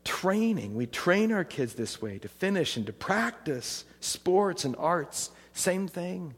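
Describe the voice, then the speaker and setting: A man's voice: sits high, very animated, slow pace, slightly rough. A middle-aged man giving a conversational sermon as a pastor, often asking his audience rhetorical questions. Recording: long hall reverb.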